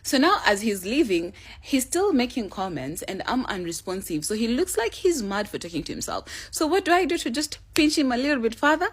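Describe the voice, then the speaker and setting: A woman's voice: a little high, fairly quick, few pauses. A woman, telling a story in a casual, sarcastic way. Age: 20s. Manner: sarcastic, animated retelling with code-switching.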